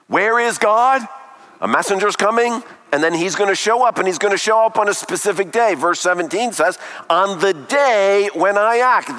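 High bright preaching man in a hall. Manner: emphatic preaching with dramatic pauses and rhetorical questions. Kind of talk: sermon.

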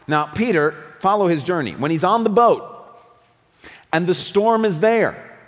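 A pastor preaching a sermon, rising to emphatic peaks and dropping to quiet, low passages. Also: male voice. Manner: dynamic preaching, swinging between loud emphatic peaks and low quiet drops. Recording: long reverb of a large hall.

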